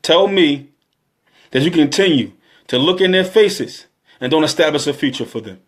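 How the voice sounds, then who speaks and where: Man in his thirties, high voice, preaching with emotional, pleading repetition. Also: animated, normal speed, a bit bright. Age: 30s. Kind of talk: impassioned exhortation.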